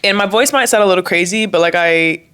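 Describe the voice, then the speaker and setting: Talking fast in a smooth, slightly bright, low-ish voice, a young woman vlogger speaks casually and openly to camera, emotional and chatty. Her voice keeps cracking as she verges on tears.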